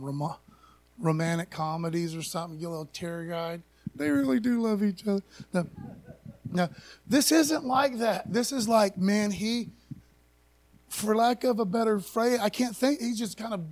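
Male pastor, high-pitched, folksy emphatic sermon delivery, searches for words mid-sentence. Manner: emphatic and folksy, often tags sentences with "man"; restarts and searches for words aloud. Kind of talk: casual conversational sermon.

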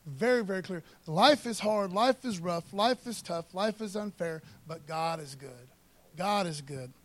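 Fervent high-voiced preacher man. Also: a little slow, a bit bright. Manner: fervent, casual preaching with "man" and "amen" asides. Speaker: pastor. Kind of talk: sermon.

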